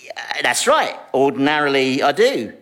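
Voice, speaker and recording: A man's voice: medium pitch, big pitch swings, moderate pace, a bit bright. An actor playing a cocky male schemer bluffing in disguise, joking and slipping into a few northern words. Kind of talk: sitcom acting.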